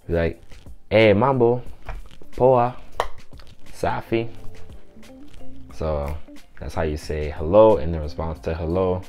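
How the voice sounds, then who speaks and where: Deep-voiced male tutor, casual and unscripted, says each phrase over slowly, faint music underneath. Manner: repeats phrases slowly and clearly; relaxed, loose explaining with fillers. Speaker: language teacher. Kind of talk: casual language lesson.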